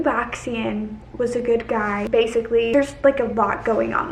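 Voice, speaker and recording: A young woman talks fast and excitably in a casual vlog, her thoughts spilling out with constant "like." Her voice sits a bit high. The room gives an echo with a faint hiss under it. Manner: excitable, rambling, heavy use of "like". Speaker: book vlogger. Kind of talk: casual reading vlog chat. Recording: echoey room with faint noise.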